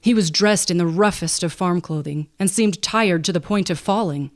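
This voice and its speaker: A woman narrating a classic novel in an even, unhurried storytelling manner. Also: lowish voice. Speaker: audiobook narrator and podcast host.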